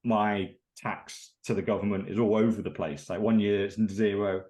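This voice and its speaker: A man hosting a casual podcast, telling stories in an animated way and swearing freely. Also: on the low side, normal speed. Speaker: podcast host.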